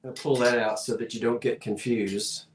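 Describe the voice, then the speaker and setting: A man's voice: mid-range voice, fairly even intonation, moderate pace, echoey room, slight background noise. A man hosting a live-streamed online auction, talking in a chatty, folksy way with rambling asides. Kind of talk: live-streamed sale, casual chat.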